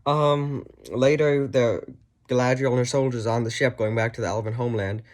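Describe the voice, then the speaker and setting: A man's voice: mid-range voice, fairly even intonation, moderate pace. A man giving a casual spoken review, rambling with many ums and a mocking, sarcastic edge. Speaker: reviewer and author.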